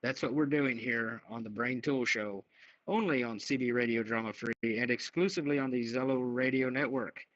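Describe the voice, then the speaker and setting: A man co-hosting a call-in radio chat, talking in a plain, matter-of-fact way at a medium pitch. The audio is dry and close, with no room sound. It is also dull and lo-fi, like a walkie-talkie app. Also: steady tone, moderate pace, dry recording. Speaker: co-host. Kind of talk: radio chat show banter.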